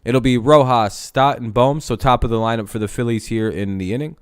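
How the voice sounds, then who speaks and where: A man's voice: medium pitch, brisk, few pauses, clean tone, no room sound, studio quality. A man hosting a casual live stream, chatting loosely about a ballgame with plenty of swearing and laughter. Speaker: streamer and host.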